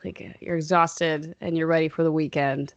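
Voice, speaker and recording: A woman's voice: sits low, fairly even intonation, normal speed, no room sound. A young woman co-hosting a casual chat podcast, rambling and playfully sarcastic. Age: young adult. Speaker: podcast co-host.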